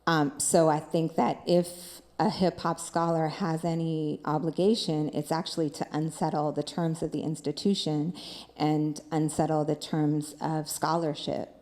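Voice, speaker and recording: A woman dance scholar speaking on a panel, reflective and halting, thinking aloud with many fillers. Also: low voice, little pitch movement, mellow. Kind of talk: panel discussion.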